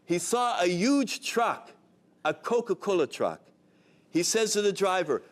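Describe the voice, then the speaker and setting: A man, a rabbi, telling an inspirational story in an expressive voice, sprinkling in Hebrew terms. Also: on the high side, measured pace.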